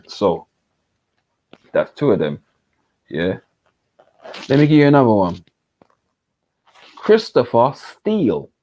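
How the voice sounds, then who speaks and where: Deep husky-voiced man. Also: darkish tone. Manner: stumbles on names, jokey asides. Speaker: panel host. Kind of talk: casual reading of news aloud.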